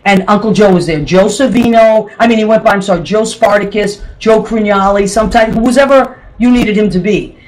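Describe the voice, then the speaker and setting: A woman's voice: mid-range voice, moderate pace, hardly any pauses. A woman host, telling family stories with jokes and laughter. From Boston area. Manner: animated, joking, laughing often. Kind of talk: lively family storytelling on a show. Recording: noisy room.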